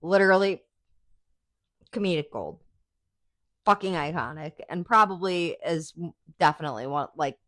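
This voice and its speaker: Host: woman, low voice, dry close sound, swears freely, gushing fan chatter. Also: expressive, normal speed, pauses often, dry recording. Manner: chatty, profane, enthusiastic fan talk with many "like"s. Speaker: podcast host. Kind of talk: casual chat.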